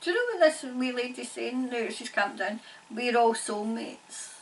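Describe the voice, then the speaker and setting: A Scottish woman working as a psychic medium, talking in a halting, repetitive way and laughing often. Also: a little high, very animated, a bit bright, distant mic, poor audio. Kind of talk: channelling session, casual monologue.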